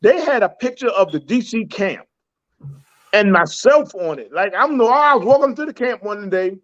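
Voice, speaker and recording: Man, high voice, rambling and halting, muffled lo-fi sound. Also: expressive, fairly bright tone. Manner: rambling, many fillers and restarts, laughs often. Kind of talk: casual podcast talk.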